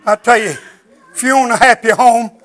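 An older man preaching a chanted sermon in a rhythmic, drawn-out cadence, out of breath and wheezy. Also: very high voice, fairly even intonation, fairly bright tone, poor audio.

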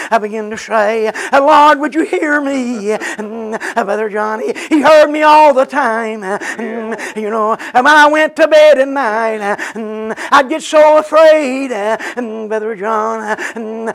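A man's voice: fairly bright tone, low-quality recording. A man in his sixties preaching a chanted sermon, breathing audible "uh, mm" gasps between phrases and calling to the brethren by name. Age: 60s. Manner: rhythmic chanting with gasped "uh, mm" breaths; swings between sung cries and low murmurs.

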